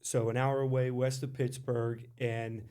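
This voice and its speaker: A man's voice: medium pitch, level tone, measured pace, dark tone, smooth. A man from West Virginia, a podcast guest and Marine veteran, telling stories casually in a loose, talkative way with lots of fillers. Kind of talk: casual storytelling.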